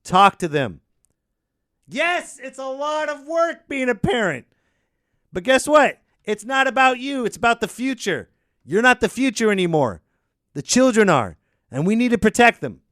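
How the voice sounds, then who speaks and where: A man hosting a podcast, ranting sarcastically and swinging between loud and muttered. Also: very high-pitched, big pitch swings, normal speed, no room sound, clean studio sound. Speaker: podcast host. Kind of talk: casual ranting chat.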